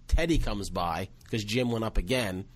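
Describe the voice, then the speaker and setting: A man hosting a podcast, telling a comedy club story in a loose, animated way and swearing freely. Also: lowish voice, normal speed. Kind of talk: casual storytelling chat.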